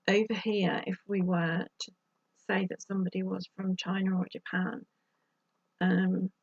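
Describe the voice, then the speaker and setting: A woman's voice: mid-range voice, vocal fry, slightly rough, no room sound, highs cut off. A woman giving chatty advice to camera as a vlogger, with exasperated asides. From United Kingdom. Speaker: YouTube vlogger.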